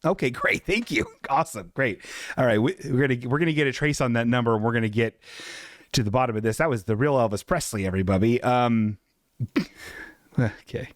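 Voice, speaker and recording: A man's voice: mid-range voice, fairly quick, no echo. A man hosting a casual comedy stream, rambling and self-mocking, with some swearing. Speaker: host.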